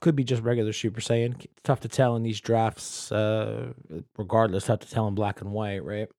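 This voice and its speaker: A man's voice: fairly low pitch, little pitch movement, normal speed, mellow, no echo. A man hosting a casual solo podcast, talking in a loose, rambling way that is full of profanity. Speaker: podcast host.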